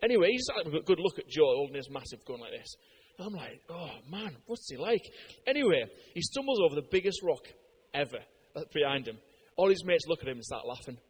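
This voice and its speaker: An English man preaching a sermon in a conversational way, telling anecdotes with lively, animated delivery and frequent fillers. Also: fairly high pitch, quick pace, breathy edge. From Britain.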